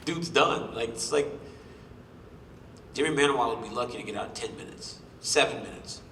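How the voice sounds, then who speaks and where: A man's voice: medium pitch, a bit bright, a little hiss or hum. A man in his thirties answering questions at a press conference, boastful and joking as he trash-talks his rivals. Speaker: champion fighter at a press conference. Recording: roomy hall, voice from a distance.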